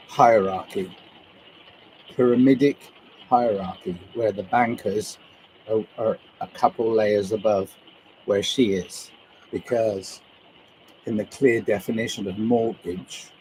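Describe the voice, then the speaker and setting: A man's voice: on the low side, fairly even intonation, slow, long pauses, mellow, slight background noise, poor audio. A man livestreaming to viewers, musing his way through a loose, meandering monologue and swearing casually.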